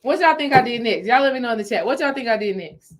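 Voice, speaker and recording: A woman's voice: fairly high pitch, quick pace. A woman coaching on spiritual healing, telling a story on a livestream, talking straight to her viewers and repeating phrases for emphasis. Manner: animated, repeats phrases, talks to viewers directly.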